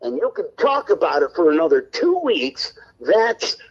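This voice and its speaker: A man's voice: a little high, very animated, moderate pace, breathy edge, dull audio. A man co-hosting a call-in stream show, ranting on air in a brash, defensive and profane way. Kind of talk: heated on-air rant.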